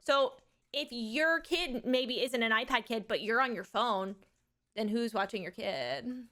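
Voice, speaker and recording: A woman's voice: fairly high pitch, expressive, measured pace, bright, forceful tone. A woman in her thirties chatting casually on a livestream, rambling frankly about raising her son and swearing freely. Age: 30s. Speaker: streamer and mother.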